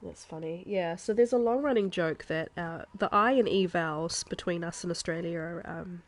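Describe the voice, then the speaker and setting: A young woman from New Zealand with a softened New Zealand accent, chatting casually and rambling with many fillers as she streams a game. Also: on the low side, normal speed. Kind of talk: casual live game commentary.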